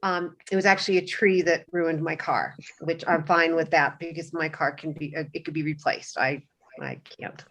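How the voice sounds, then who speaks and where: A woman speaking on a video call panel, telling a personal story in a halting way with many restarts and fillers. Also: deep voice, fairly even intonation, fairly bright tone.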